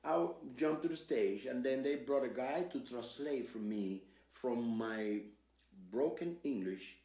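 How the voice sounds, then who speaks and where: An older man from Cuba with a Cuban Spanish accent, hosting an interview and telling lively stories, acting out the voices of the people in them. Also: unhurried, gravelly, roomy sound, distant mic. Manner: acts out quoted voices with big swings in pitch and loudness. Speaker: host. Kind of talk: animated storytelling interview.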